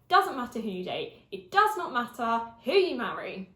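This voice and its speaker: A woman's voice: a little high, sing-song, normal speed, pushed and bright. A twenty-year-old English woman from Essex, hosting a casual chat while eating and laughing often. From Essex, England. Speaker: YouTube host. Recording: roomy echo.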